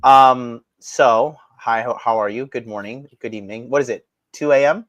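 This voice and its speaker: A man hosting a live stream, ranting crudely and mockingly, his voice swinging from loud outbursts to low mutters. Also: fairly even intonation, normal speed, no room sound, lo-fi sound. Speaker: livestream host. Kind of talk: crude provocative livestream rant.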